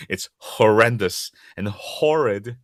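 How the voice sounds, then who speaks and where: A man from Korea with a Korean accent, whose first language is Korean, answering audience questions as a voice actor in a casual Q&A, lively and chuckling often as he restarts and repeats words. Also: fairly low pitch, no room sound, clean studio sound. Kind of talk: casual livestream Q&A.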